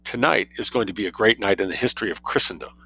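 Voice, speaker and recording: A man voicing a suave, mischievous young man who spins outrageous tales with cool calm. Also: on the low side, quick pace, creaky, heavily acted. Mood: sly, unruffled.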